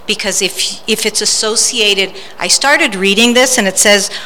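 Woman in the crowd, earnest and a bit hesitant, bright sharp tone, faint room noise. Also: medium pitch, measured pace. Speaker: audience member asking a question. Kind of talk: audience question.

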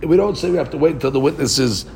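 A man's voice: fairly high pitch, fast talker, gravelly, a little mellow, slight background noise. A man teaching a Talmud lesson, translating each phrase as he goes, often restarting words mid-line.

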